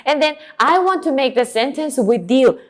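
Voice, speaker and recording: A young woman runs a lively children's class. Her voice sits fairly high and swoops up and down, and she stretches key words for emphasis. She praises and prompts in quick bursts. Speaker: English teacher and teacher trainer. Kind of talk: demo class for young children, then teacher briefing.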